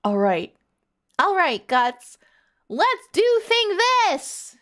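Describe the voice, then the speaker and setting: A woman voicing a weepy, dramatic teenage heroine in a high, pleading voice as she reads a story aloud. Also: measured pace, a bit bright. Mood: rallying.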